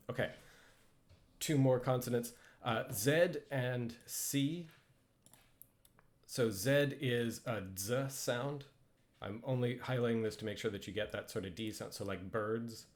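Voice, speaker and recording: A man casually teaching pronunciation over slides, hesitant and self-deprecating, with frequent ums and restarts. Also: medium pitch. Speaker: language instructor.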